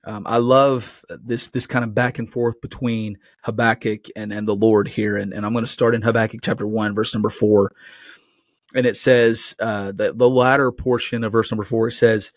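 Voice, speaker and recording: A man's voice: fairly low pitch, flat delivery, normal speed, no echo, studio quality. A man hosting a Christian podcast, preaching in an earnest, conversational way. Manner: earnest and conversational, often asking "right?". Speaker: podcast host and Christian teacher. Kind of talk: casual preaching monologue.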